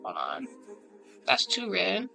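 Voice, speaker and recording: A woman's voice: mid-range voice, wildly swooping pitch, takes it slowly, gravelly, sharp tone, faint music behind, low-quality recording. A woman chatting casually and animatedly with her viewers while drawing live, in a rambling style.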